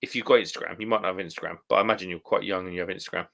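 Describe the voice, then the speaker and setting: A man's voice: low voice, fairly even intonation, rapid-fire, gravelly, a bit bright. A man hosting a casual beer live stream, chatting, reading out viewer comments and calling people mate. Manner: chatty, laughs often, calls people mate.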